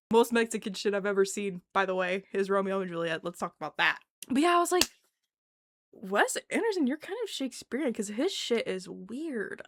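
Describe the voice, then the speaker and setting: A young woman in a casual vlog monologue, animated and profane, laughing often and dropping into whispered asides. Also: medium pitch, dry recording, studio quality. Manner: animated, swearing, laughing, swings between loud and whispered asides. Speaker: vlogger.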